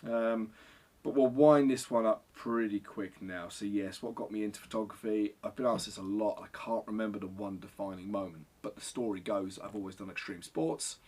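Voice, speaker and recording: A man's voice: fairly low pitch, normal speed, darkish tone, husky. A middle-aged man answering viewer questions in a casual, rambling vlog, sweary and self-deprecating. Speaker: photographer and vlogger.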